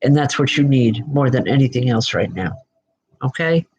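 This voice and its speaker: A woman's voice: extremely low pitch, animated, normal speed, noisy background. A woman hosting a show of live spiritual readings, reassuring viewers by name and often checking in with "okay?". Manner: frequent fillers and restarts, checks in with "okay?". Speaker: psychic medium host.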